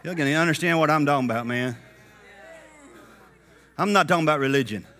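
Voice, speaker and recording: A man preaching a sermon at a conference, animated and shouting at peaks, slipping into character voices for retold scenes. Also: fairly high pitch, fairly quick. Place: conference hall.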